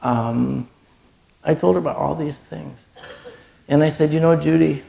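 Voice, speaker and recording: A middle-aged man giving an earnest personal testimony as a charity speaker, telling his story with pauses and moments of being choked up. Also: on the high side, fairly even intonation, warm tone. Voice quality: gravelly.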